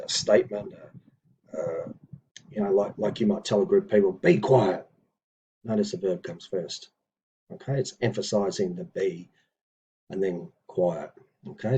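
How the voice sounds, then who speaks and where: A man teaching an Old English lesson in an unhurried, explanatory way, with frequent fillers and self-corrections. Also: fairly low pitch, dark tone, slightly rough, low-quality recording. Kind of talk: informal recorded lesson, reading and explaining text.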